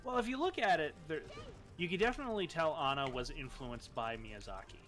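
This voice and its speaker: A man's voice: on the high side, lively intonation, fairly quick, a bit bright, soft background music. A young man co-hosting a casual gaming stream chat, talking eagerly and swearing freely. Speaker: co-host.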